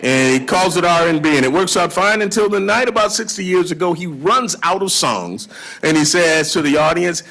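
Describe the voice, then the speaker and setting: A man with a high, gravelly, pushed and bright voice speaks at a moderate pace. He's a blues historian and guitarist lecturing to a live audience, a folksy storyteller who drawls into song while guitar plays.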